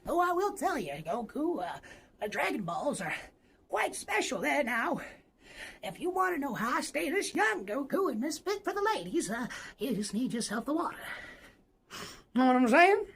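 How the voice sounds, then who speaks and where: A woman voicing a lecherous old male martial arts master, speaking quietly and slyly. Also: high voice, sing-song, moderate pace, pauses often.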